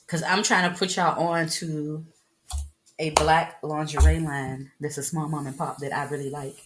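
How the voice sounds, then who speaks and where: A woman co-hosting a casual chat podcast. She talks in an animated, joking way and often breaks into laughter. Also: sits low, normal speed, noisy background. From United States. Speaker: podcast co-host.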